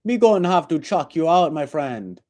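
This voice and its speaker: A man's voice: on the high side, sing-song, darkish tone, voice pushed up. A man voicing a mock Jamaican bar bouncer with a put-on Jamaican accent, teasing and laughing as he throws someone out. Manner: laughing, taunting, drawn-out.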